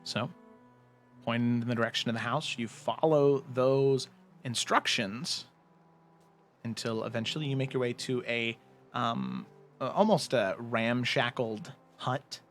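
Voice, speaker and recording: A man narrating a tabletop role-playing game as game master, in a relaxed way with many fillers. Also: medium pitch, measured pace, faint music behind.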